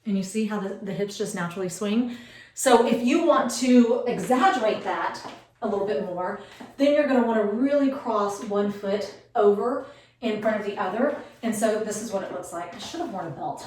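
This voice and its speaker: A woman's voice: mid-range voice, moderate pace, a little mellow, slight background noise. A woman in her forties giving beauty tips in a casual, rambling vlog, full of fillers and asides. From United States. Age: 40s. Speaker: beauty vlogger. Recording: roomy, mic some distance away.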